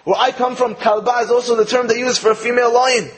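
Man doing a sly sweet-talker pleading his case, calm, highish voice. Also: fast. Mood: persuasive. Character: clever, smooth-talking male commoner.

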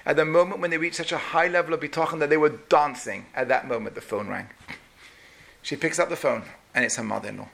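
A man's voice: fairly high pitch, fast talker, creaky. A man preaching a sermon, telling a story and acting out the voices of the people in it. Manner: animated, acts out each person's voice.

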